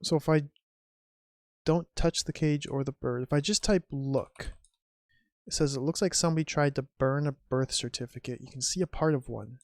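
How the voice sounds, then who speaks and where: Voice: medium pitch, no room sound, studio quality. A streamer casually commenting on an old adventure game, musing wryly and reading typed commands and game text aloud. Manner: wry, musing, types commands aloud slowly.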